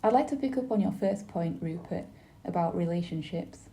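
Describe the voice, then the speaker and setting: A woman giving a simultaneous interpretation of a webinar panel, speaking in a measured, formal way with brief pauses and restarts. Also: lowish voice, lively intonation, mellow, slight background noise.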